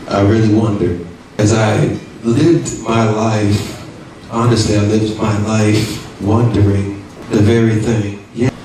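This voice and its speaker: Slow-talking man host, very echoey. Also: fairly low pitch, darkish tone. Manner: slow, drawn-out, joking delivery. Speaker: podcast host. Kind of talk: playful storytelling to his wife. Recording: very echoey from far off, crowd noise.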